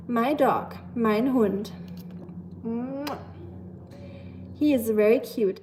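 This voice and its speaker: A woman with a slightly high voice chats on a casual live stream from her home kitchen. She reads viewer comments aloud and talks loosely, with plenty of "like"s, over a faint hum of room noise. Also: extremely slow, long pauses, a little mellow. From Germany.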